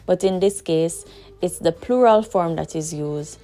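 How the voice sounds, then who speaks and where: Mellow Jamaican woman teaching patiently. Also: on the low side, faint music behind. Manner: patient, repeats each example sentence slowly. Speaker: language teacher. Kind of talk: language lesson.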